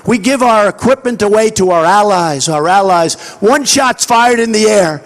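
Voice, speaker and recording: An older man giving a campaign rally speech outdoors, boastful and repetitive, shouting to a large crowd and acting out quoted dialogue. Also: high-pitched, animated, moderate pace. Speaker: political candidate at a campaign rally.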